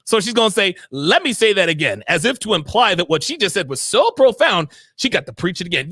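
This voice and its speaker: Sarcastic high-pitched male streamer. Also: big pitch swings, a little fast, hardly any pauses, pushed and bright, husky, dry recording, clean studio sound. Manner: sarcastic, repeats himself, laughs often; mimics the woman in a low mumbling voice. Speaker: commentary streamer reacting to a clip. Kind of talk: mocking reaction commentary.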